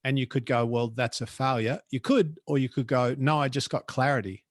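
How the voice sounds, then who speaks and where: A man's voice: mid-range voice, fairly quick, no echo, clean studio sound. A man with an Australian accent, a professional speaker telling a story as a guest in a casual chat, blunt and colloquial.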